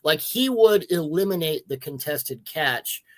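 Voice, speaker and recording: A man's voice: on the high side, expressive, measured pace. Man trading football draft analysis. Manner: conversational, cites football history and his own rankings. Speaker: draft writer, co-host. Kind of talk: analytical sports discussion.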